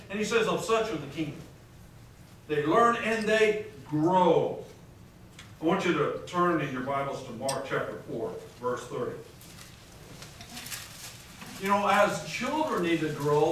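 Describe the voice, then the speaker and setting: In a high-pitched, fairly bright voice, a man preaches to his congregation, reading passages of scripture and asking them questions. He's recorded from a distance in a large, echoey conference hall with a faint background noise.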